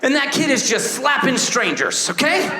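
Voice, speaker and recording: A man in his thirties doing a stand-up comedy set, animated, acting out voices and shouting punchlines. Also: extremely high pitch, normal speed, echoey room. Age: 30s. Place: stage before a laughing audience.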